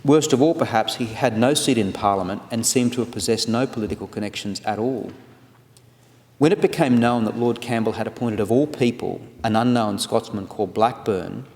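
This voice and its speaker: A man in his forties giving a formal, scholarly lecture on legal history, measured and read from a paper. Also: lowish voice, darkish tone. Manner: measured, scholarly delivery with occasional restarts. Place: large lecture hall. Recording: long reverb of a lecture hall.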